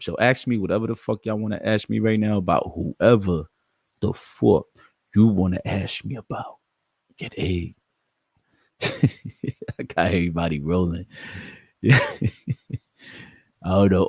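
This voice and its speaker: A man's voice: low voice, vocal fry, a little mellow, breathy edge, no room sound, clean studio sound. A man, hosting a casual live stream, brash, profane and joking as he talks to his chat.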